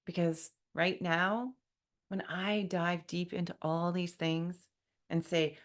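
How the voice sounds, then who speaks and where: A woman hosts a solo podcast in a wry, conversational tone, acting out what people say to her. Her voice sits low, and she takes her time with an unhurried delivery. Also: fairly even intonation. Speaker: podcast host.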